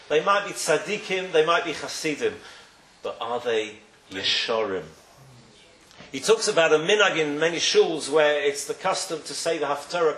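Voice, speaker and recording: A man's voice: a little high, fairly bright tone. A man giving a sermon as a rabbi, telling stories and acting out the people he quotes with lots of emphasis. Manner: storytelling, acts out quoted people, rising and falling emphasis. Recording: echoey room.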